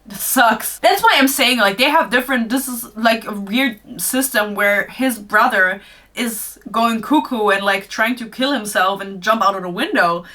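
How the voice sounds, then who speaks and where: A woman's voice: fairly high pitch, moderate pace, sharp tone, recorded from a distance. A young woman reviewing a book in a casual, sarcastic chat, full of swearing and laughter.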